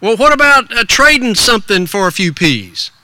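A man voicing a kindly grocery store owner who talks in a friendly, gently coaxing way. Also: sits high, very animated, normal speed, no echo, voice pushed up, full character voice.

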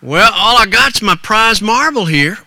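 A man's voice: high-pitched, expressive, a little slow, creaky, sharp tone, no echo, pitched above the performer's own voice, heavily acted. A man voicing a small, ragged, hungry boy who speaks politely in a folksy rural way. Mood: bashful, polite. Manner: folksy rural talk, earnest and bashful.

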